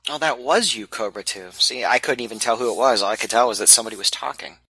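A man's voice: medium pitch, quick pace, sharp tone, husky, dry recording, low-quality recording. A man in a casual group chat, talking in a chatty, teasing way.

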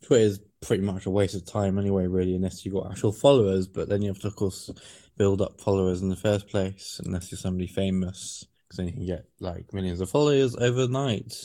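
A man hosts a casual podcast conversation in a low voice that barely rises or falls. He hesitates and lets his sentences trail off. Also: fairly even intonation, fast, mellow. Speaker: podcast host. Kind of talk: casual chat.

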